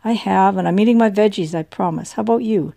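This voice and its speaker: A woman's voice: medium pitch, quick pace, creaky, mellow, lightly acted. A woman voicing an overworked, earnest man. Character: tired overworked middle-aged man, earnest.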